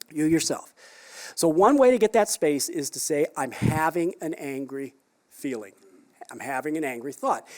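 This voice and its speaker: Male psychologist presenter, slightly high voice, conversational conference talk, wry asides, rhetorical questions to the room. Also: darkish tone. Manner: wry, down-to-earth humor.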